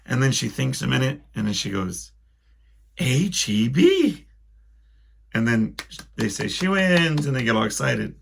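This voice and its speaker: A man's voice: mid-range voice, normal speed, gravelly, a bit bright, husky. A man hosting a solo podcast, rambling casually through wry, self-deprecating complaints. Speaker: podcast host.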